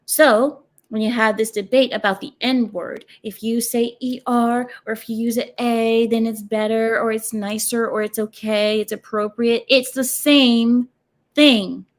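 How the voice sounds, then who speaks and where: Animated woman streamer, fairly high voice. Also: normal speed, few pauses. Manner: animated, argues through rhetorical questions, laughs often. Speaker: host of a reaction stream. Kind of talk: casual commentary on clips and chat.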